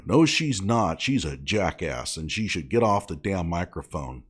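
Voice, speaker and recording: A man's voice: low-pitched, sing-song, measured pace, hardly any pauses, slightly rough. A man delivering an indignant, sarcastic commentary rant, scolding as he talks. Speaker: online commentator.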